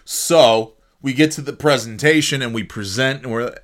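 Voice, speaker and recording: A man's voice: mid-range voice, normal speed, few pauses. Sarcastic, sleepy man ranting profanely. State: sleepy, yawning. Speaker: podcast host. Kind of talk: casual solo monologue.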